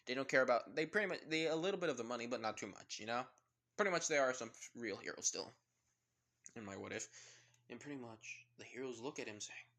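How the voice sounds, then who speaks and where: A man's voice: medium pitch, lively intonation, fast talker, bright, forceful tone. A man casually narrating a fan story, rambling with many fillers.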